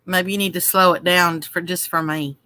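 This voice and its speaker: A woman's voice: lowish voice, fairly even intonation, normal speed, pushed and bright. A woman chatting casually beside the host, teasing him in an easygoing way. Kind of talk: casual chat.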